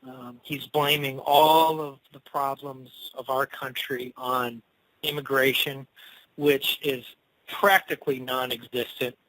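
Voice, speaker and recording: A man telling a rambling, animated story in a casual interview, swearing freely along the way. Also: medium pitch, slow, dry recording, rough recording. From Cleveland. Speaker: interviewed musician.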